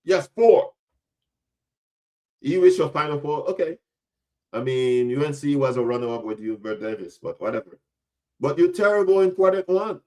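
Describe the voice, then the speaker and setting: A man's voice: on the high side, expressive, moderate pace, pauses often, dark tone. A young adult man from Florida hosting a podcast, giving casual sports commentary in a blunt, emphatic way, often repeating himself for effect. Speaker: podcast host.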